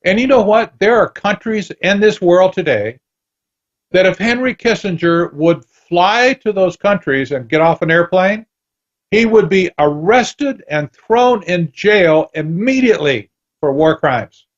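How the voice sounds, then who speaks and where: Guy on a radio show telling stories with lots of energy, voice a bit high, muffled lo-fi audio. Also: a little slow. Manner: animated storytelling, acts out dialogue. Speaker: guest author. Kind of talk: radio interview.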